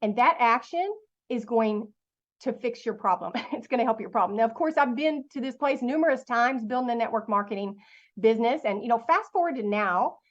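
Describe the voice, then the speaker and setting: A middle-aged woman giving a motivational talk to an online audience, telling a lively story and asking her listeners questions. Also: a little high, brisk, highs cut off. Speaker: guest speaker.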